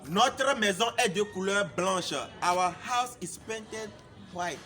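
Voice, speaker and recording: A man's voice: high-pitched, slow, pushed and bright, faint music behind. Man teaching French to a class. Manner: drills words and has the class repeat. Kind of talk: classroom language lesson.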